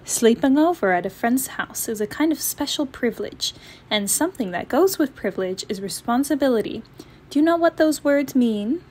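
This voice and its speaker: A woman voicing a gentle, patient mother bear who speaks in a motherly way in a storybook read-aloud. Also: high voice, animated, normal speed.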